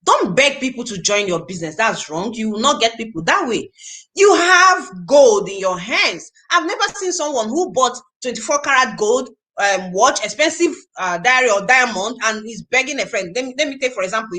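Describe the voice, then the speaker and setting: A woman's voice: a little high, fairly quick. A woman leading a motivational training talk on recruiting, emphatic and repetitive, drilling each point home. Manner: acts out the prospect conversations in animated voices. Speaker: network marketing team leader and trainer.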